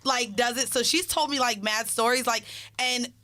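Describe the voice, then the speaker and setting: A woman's voice: a little high, moderate pace, sharp tone. A woman co-hosting a podcast in casual chat, breaking in with blunt, teasing remarks. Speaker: podcast co-host.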